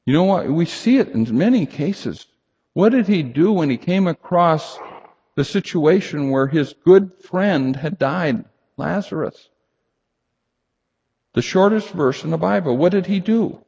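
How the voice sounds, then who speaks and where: Husky-voiced male preacher, lively delivery. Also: unhurried. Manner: animated preaching, rising emphatic then dropping low. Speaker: pastor. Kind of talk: sermon. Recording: lo-fi recording in a reverberant hall.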